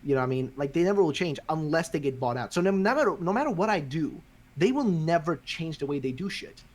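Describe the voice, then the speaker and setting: Male podcast host: rapid, ranting, foul-mouthed, pitched a bit high. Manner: profane, ranting, animated. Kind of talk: casual chat.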